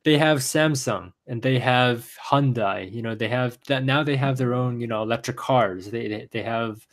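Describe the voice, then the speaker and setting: A man's voice: medium pitch, moderate pace. Hesitant man chatting on a podcast. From Taiwan. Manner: hesitant, many restarts and fillers. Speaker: podcast co-host. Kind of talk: casual chat.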